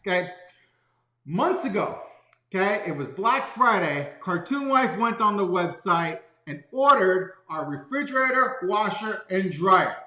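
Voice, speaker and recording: Male vlogger on a rant, lively and bright, keeps asking "okay?"; roomy echo. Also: sits high, measured pace. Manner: rants, constantly adding "okay?". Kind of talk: casual ranting vlog. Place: home studio room.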